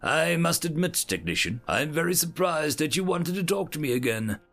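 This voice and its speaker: A man voicing a calm, curious human male interrogator who speaks in a measured, polite way. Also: a little high, vocal fry, exaggerated voice.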